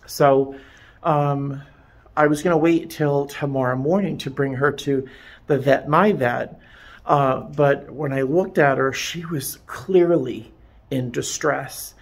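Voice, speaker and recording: A distraught man close to tears, talking haltingly in a personal vlog from a vet clinic, with many restarts. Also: medium pitch, steady tone. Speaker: vlogger. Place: veterinary clinic.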